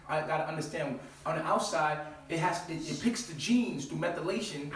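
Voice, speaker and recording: A man's voice: fairly high pitch, fairly bright tone, a little hiss or hum. A man hosting his own channel, giving a profane, preachy lecture full of rhetorical questions. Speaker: channel host. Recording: very echoey room, far from mic.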